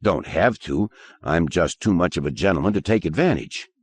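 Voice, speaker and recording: A man's voice: low-pitched, animated, moderate pace, slightly rough, no echo. A man voicing a coaxing teen boyfriend. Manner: soft, coaxing. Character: smooth teenage boyfriend, coaxing.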